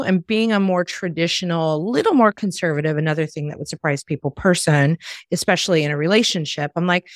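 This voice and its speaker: On a clean, dry studio recording, a middle-aged female podcast host talks quickly in a voice on the low side. She chats casually and brings her stories to life by performing the quoted voices of the people in them.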